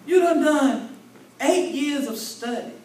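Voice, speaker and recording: High-voiced bishop preaching in an echoing hall. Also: male voice, lively intonation, slow, darkish tone. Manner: folksy, vernacular, call-and-response with the congregation. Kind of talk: conversational sermon teaching. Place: large church convention hall. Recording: echoey hall from far off, faint room noise.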